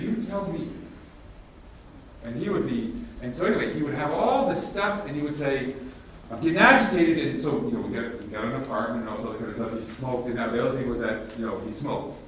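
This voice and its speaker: A man gives a workshop talk, telling stories casually and acting out the dialogue with lively emphasis. He sounds far from the microphone in a very echoey hall. Faint ambient noise runs underneath. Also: mid-range voice, moderate pace. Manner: casual, animated, acts out dialogue. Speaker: workshop presenter. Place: large room with audience.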